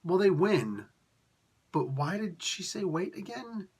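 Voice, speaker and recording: A young man hosting a casual review, talking in an animated, sarcastic and exasperated way with slangy asides. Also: high-pitched, slow pace, breathy edge. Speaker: comic book reviewer.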